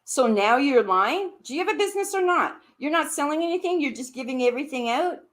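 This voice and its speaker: A woman's high-pitched, slightly bright voice moves quickly and animatedly as she rants on a live stream. Confronting and accusing someone directly, she repeats her questions, swears, and jumps up in pitch when angry.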